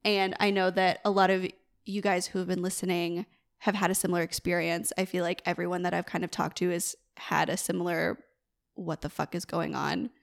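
A woman's voice: fairly low pitch, creaky. A woman co-hosting a podcast, joking and bantering in playful, casual chat. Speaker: podcast co-host, crystal shop owner.

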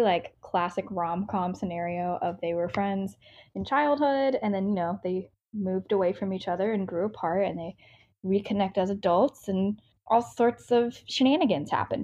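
This book podcast co-host is a young American woman with a mellow, mid-range voice. She rambles through a casual book review, using many fillers and cutting herself off, and the recording sounds dull.

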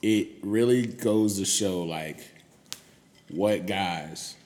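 A man's voice: low-pitched, very slow, darkish tone. A man co-hosting a podcast in casual chat, playful and joking, sometimes sliding into a sultry croon. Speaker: podcast co-host. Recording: long reverb with faint noise.

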